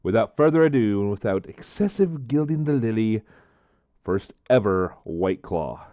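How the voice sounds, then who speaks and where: A man's voice: fairly low pitch, sing-song, normal speed, dark tone, no room sound, highs cut off. Chatty man with lots of filler sounds. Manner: chatty, rambling, repeats himself. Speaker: vlogger tasting drinks. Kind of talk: casual chat to camera.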